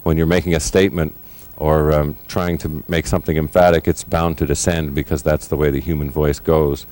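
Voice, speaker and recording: A middle-aged man in a recording studio, explaining drum fills in a measured, thoughtful way. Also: extremely low pitch, flat delivery, darkish tone. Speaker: drummer giving a lesson. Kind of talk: instructional explanation.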